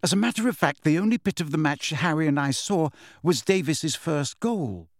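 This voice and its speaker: Guy putting on a higher, brisk schoolgirl voice, bookish and fed up, prim, dry close sound, storybook. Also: animated, no echo. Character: teenage schoolgirl, earnest, exasperated, bookish.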